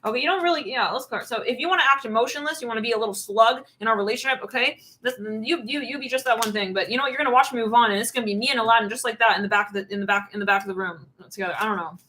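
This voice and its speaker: A woman giving a channeled tarot reading, animated and acting out quoted voices as she goes. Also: a little high, racing, hardly any pauses, low-quality recording. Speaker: tarot reader.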